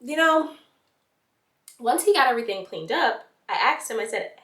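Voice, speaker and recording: A woman's voice: fairly high pitch, normal speed, roomy sound, far from the mic. Chatty woman telling a storytime. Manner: animated, dramatic storytelling with slang. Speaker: vlogger. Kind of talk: casual storytime chat.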